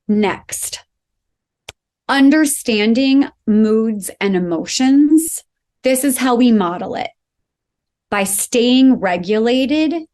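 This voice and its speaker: A woman's voice: medium pitch, a little mellow. A woman, a psychologist guest, explaining emotional skills in a conversational way and acting out example phrases. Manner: earnest, acts out example phrases to a child.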